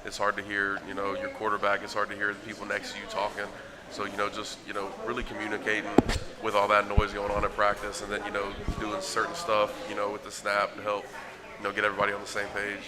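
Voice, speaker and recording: A man's voice: on the low side, monotone, fast talker. A young man, a football player guest, talking in a chatty, playful, rambling way at a live show. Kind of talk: casual live show interview. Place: busy restaurant with crowd chatter. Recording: live event with crowd noise.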